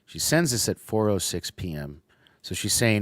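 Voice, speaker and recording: A man with a fairly low voice talks in a wry, teasing way during a casual chat. The sound is close and dry. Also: sing-song, normal speed, no echo. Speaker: podcast co-host.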